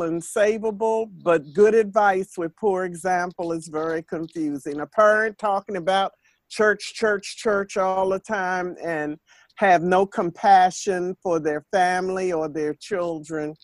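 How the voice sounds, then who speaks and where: A woman's voice: fairly low pitch, no room sound. An older woman hosting a faith podcast, speaking in an earnest, repetitive preaching cadence. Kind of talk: spiritual talk monologue.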